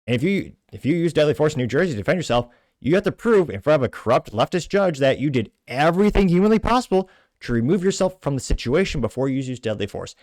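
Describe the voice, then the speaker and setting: A man's voice: fairly high pitch, sing-song, fast, a little mellow, dry recording, studio quality. A man from Texas hosting a political commentary show, delivering blunt, indignant rants with heavy emphasis.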